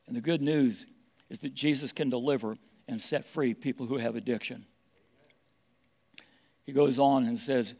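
A man's voice: mid-range voice, steady tone, a little fast, darkish tone. A middle-aged man preaching a sermon, stressing his points and repeating key phrases. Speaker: pastor.

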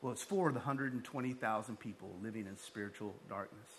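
A male pastor preaching a lively sermon, with joking asides and acted-out quotes. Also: lowish voice, a little fast, slight background noise.

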